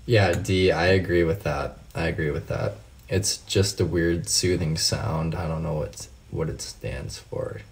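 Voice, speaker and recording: A man's voice: low voice, fairly even intonation, unhurried, a little hiss or hum. A man hosting a casual livestream, reading out viewer comments and ranting with heavy swearing. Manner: profane, heated ranting. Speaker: livestream host.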